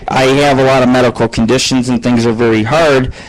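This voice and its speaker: A man's voice: mid-range voice, steady tone, brisk, low-quality recording. A man hosting his own internet radio show, telling rambling stories with lots of swearing. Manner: profane, rambling, storytelling. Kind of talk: casual rambling monologue.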